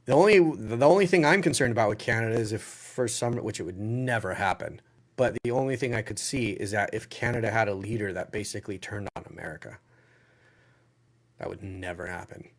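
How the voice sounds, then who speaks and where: A man's voice: on the low side, a little fast. A man hosting a casual livestream Q&A, reading out viewer questions and answering them bluntly as he thinks aloud. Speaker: livestream Q&A host.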